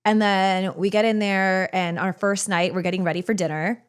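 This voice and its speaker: Young woman guest; chatty, animated storyteller, constant fillers. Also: mid-range voice, moderate pace, smooth. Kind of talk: casual podcast chat.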